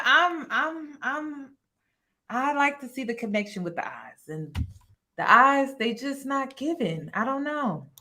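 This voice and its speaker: A woman's voice: sits high, sharp tone. A woman hosting a reaction video, talking bluntly and with exasperation, swearing as she comments. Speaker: YouTube reaction host.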